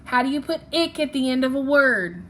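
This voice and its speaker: A woman's voice: sits high, expressive, a little fast, a bit bright, a little hiss or hum. A woman teaching a phonics lesson, patiently sounding out syllables and letters one by one.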